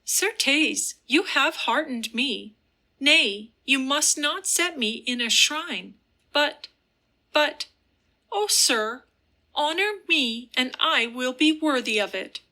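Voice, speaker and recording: A woman voicing an earnest, wistful young noblewoman, speaking high and pleading in a gentle voice. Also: expressive, slow pace, full character voice.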